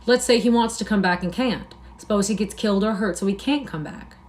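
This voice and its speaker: A woman reading a novel aloud plays a lonely, bitter older ranch hand who talks in a slow, drawling, persuasive way. He broods and muses aloud, sometimes scornful, at a middling pitch. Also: a little mellow, lightly acted. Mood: brooding, persuasive.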